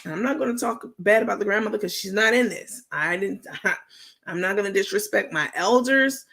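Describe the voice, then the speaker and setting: A woman's voice: medium pitch, a little fast, vocal fry, a bit bright. A woman with a New York accent hosting a gossip commentary stream, chatty and slangy with lots of fillers. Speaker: host.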